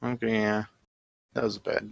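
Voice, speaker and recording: A man's voice: lowish voice, little pitch movement, a little slow, vocal fry, no echo. A man playing a tabletop game, chatty and rambling. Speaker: player. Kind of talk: casual tabletop play.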